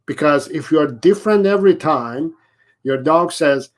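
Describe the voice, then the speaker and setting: A man coaching dog owners through a live training talk, taking his time over each point. His voice sits a little high, and he drops in quick acted examples of owners and their dogs. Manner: repetitive, acts out owners and dogs in quick asides.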